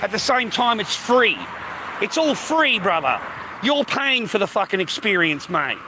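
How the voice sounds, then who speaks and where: A man's voice: high voice, very animated, a little slow. An Australian man livestreaming outdoors, rambling to his viewers, swearing heavily and calling everyone mate. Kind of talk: casual livestream chat to viewers. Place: outdoors on a street. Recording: outdoor street noise, passing traffic.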